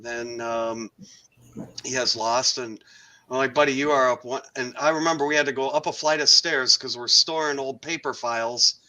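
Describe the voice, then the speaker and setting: A man's voice: medium pitch, moderate pace, bright, forceful tone, rough recording. A man in a casual podcast chat, telling a work anecdote in a dry, wry way, with frequent ums.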